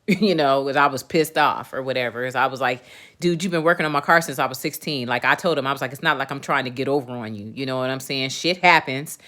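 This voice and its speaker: A woman's voice: rumbling low, a little fast, fairly bright tone. A woman in her forties hosts a casual livestream and vents to her viewers. She is candid and emphatic, swears freely, and keeps checking in with the chat as she talks. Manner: talks straight to viewers, often asks "you know what I'm saying". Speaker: livestream host.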